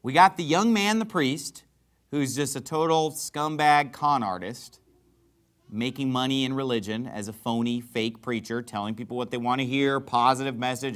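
A man preaching a sermon who reads scripture and explains it in a casual, animated, sarcastic way. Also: medium pitch, moderate pace.

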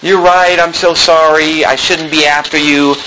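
A man's voice: fairly high pitch, fairly even intonation, a little slow, noisy background, voice pushed down, natural voice. A man voicing a remorseful weeping king who pleads and apologizes. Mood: pleading.

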